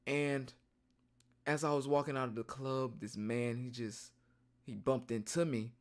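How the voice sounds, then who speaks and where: A young man streaming, telling a rambling story in a casual, slangy and animated way. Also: medium pitch, unhurried.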